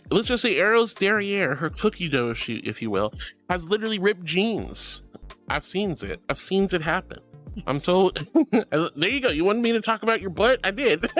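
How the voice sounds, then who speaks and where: High, lively, affectionate streamer man. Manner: affectionate, calls viewers sweetie and honey; playful, giggly, teasing. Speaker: VTuber streamer. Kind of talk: casual livestream chat reading. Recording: faint music under the voice.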